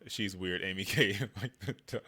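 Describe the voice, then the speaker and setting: Bright-voiced, slangy man riffing on politics. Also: sits low, slow, slightly rough. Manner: slangy and conversational, riffing loosely. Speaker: political commentator. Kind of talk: casual political commentary vlog.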